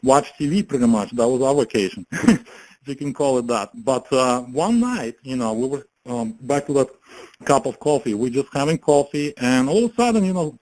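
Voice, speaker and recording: A man's voice: mid-range voice, animated, normal speed, a little mellow, rough recording. A man giving a casual motivational talk about network marketing, chatting and often asking his listeners questions.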